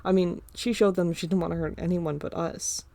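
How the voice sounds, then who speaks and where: A woman doing a nervous teen boy, mumbly, gravelly, close and dry. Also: fairly low pitch, steady tone, a little fast, mellow, no echo. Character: anxious teenage older brother.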